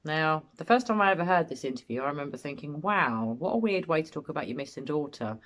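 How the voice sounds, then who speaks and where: A woman's voice: deep voice, expressive, fast talker, fairly bright tone. A British woman giving opinionated, blunt analysis as host of a commentary video.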